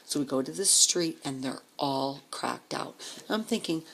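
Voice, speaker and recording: A woman's voice: low voice, normal speed, creaky. A woman telling a long personal story in a casual, profane way, acting out what people said and sometimes dropping to a whisper. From Denver area, US. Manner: profane, animated, acts out quoted voices, drops to whispers. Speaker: vlogger.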